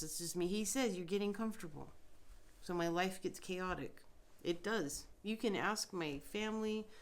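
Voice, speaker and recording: A woman hosting a podcast, talking bluntly and emphatically in a casual spiritual monologue, with frequent swearing. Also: on the low side. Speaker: podcast host.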